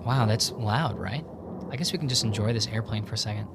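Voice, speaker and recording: A young man hosting a podcast, retelling a story in a relaxed, casual way with lots of fillers and quoted dialogue. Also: lowish voice, a little fast, gravelly, very noisy. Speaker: podcast host. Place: home in Tucson.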